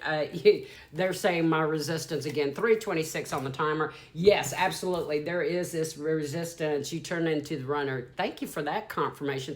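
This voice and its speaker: Low-voiced Southern woman giving a psychic reading. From Deep South, USA. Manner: rambling, stream-of-consciousness, frank and profane. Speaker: psychic tarot reader. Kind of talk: channeled intuitive reading.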